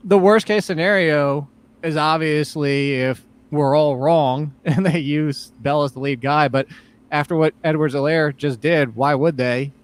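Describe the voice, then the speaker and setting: A man analyzing fantasy football in casual podcast chat, blunt, tired and quick to laugh. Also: a little high, steady tone, smooth. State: tired, yawning.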